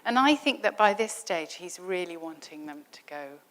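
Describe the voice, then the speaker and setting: A woman's voice: fairly low pitch, animated, moderate pace, fairly bright tone, a little hiss or hum. A middle-aged woman giving a theology lecture in a conversational style, thinking aloud and asking rhetorical questions. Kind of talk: spoken Bible teaching. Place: lecture at a summer school.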